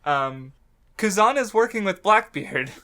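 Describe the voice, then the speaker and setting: High-pitched yet unhurried, his voice is animated, bright and forceful. He co-hosts a podcast in casual chat, laughing often, swearing without restraint and rambling with many fillers and restarts.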